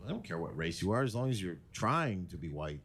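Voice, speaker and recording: A man's voice: low voice, big pitch swings, brisk. A man performing a stand-up set on a club stage with a crude, offhand delivery, into a handheld mic. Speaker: stand-up comedian. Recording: noisy live stage recording.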